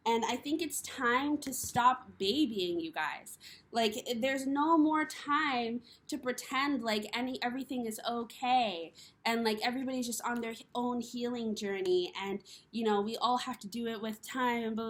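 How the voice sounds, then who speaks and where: Woman, slightly high voice, blunt and frustrated, swearing, repeating lines for emphasis, direct-to-camera vlog rant. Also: normal speed, a bit bright. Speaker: spiritual vlogger.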